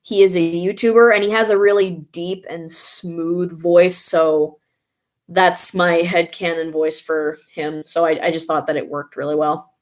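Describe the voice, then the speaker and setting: A woman's voice: lowish voice, flat delivery, unhurried. A young woman vlogging in a casual, rambling way, stopping now and then to recall names. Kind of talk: casual chat reading and answering comments.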